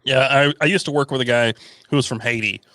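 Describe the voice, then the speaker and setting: A man's voice: mid-range voice, fast talker, no echo, clean studio sound. A man co-hosting a podcast, chatting casually and tending to mumble. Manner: mumbling, relaxed. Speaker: podcast co-host. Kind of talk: casual chat.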